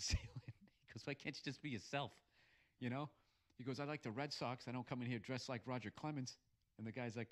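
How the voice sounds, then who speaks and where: A man telling a crude, comic bar story and giving blunt advice, swearing freely. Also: mid-range voice. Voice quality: loud and crude, swearing often. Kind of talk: profane comedic storytelling.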